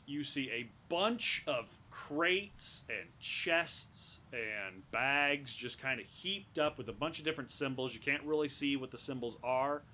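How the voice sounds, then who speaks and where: A man's voice: medium pitch, pushed and bright, a little hiss or hum. A man narrating a tabletop game as game master, describing scenes in a loose, rambling way. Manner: loose, rambling, frequent restarts.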